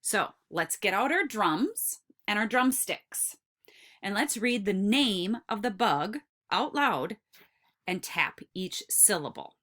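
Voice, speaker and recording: A woman teaching a recorded lesson to kindergartners. She speaks slowly with a bright, lively voice that swoops up and down. Her tone stays encouraging and drawn out for young listeners. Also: mid-range voice. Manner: slow, encouraging, drawn-out words for children.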